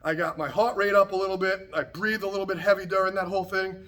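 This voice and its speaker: A karate instructor talks straight to the camera after a workout, his fairly high voice still carrying a little breathlessness. He coaches in a loose, easygoing way and keeps checking in with his viewers. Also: fast. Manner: relaxed, repetitive coaching with frequent okay and right. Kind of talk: casual instructional talk to camera. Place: martial arts practice space, indoors.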